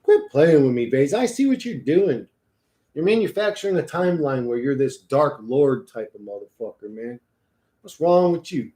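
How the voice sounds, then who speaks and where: A man hosting a casual livestream, rambling and joking with a lot of swearing, swinging between low mumbles and loud bursts. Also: sing-song, normal speed. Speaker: livestream host reading chat.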